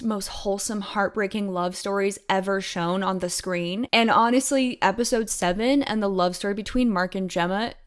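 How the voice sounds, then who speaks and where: Gushing woman reviewing a TV show. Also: medium pitch. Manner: gushing, enthusiastic, many "like"s. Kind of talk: casual reaction vlog.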